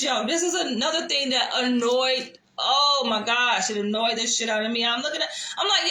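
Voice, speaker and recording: A young woman telling a dating story to camera, animated and exasperated, swearing freely. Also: sits high. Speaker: vlogger. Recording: echoey room.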